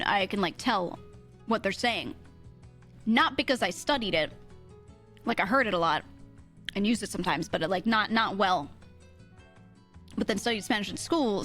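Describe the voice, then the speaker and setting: A young woman streamer, chatting casually with chat, laughing often and swearing freely. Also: medium pitch. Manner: laughing, swearing, animated asides.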